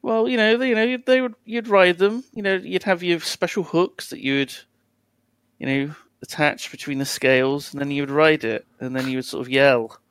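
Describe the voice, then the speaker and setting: A man's voice: on the high side, steady tone, normal speed, fairly bright tone, clear, resonant tone, dry recording. A man co-hosting a podcast in casual chat, crude and joking, reading out donation messages. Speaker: podcast co-host.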